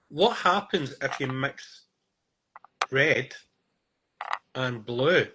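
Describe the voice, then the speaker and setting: A man's voice: medium pitch, expressive, extremely slow, long pauses, bright, forceful tone, a little hiss or hum, poor audio. A man with a Scottish accent, co-hosting a casual podcast in a jokey, teasing way. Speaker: podcast co-host.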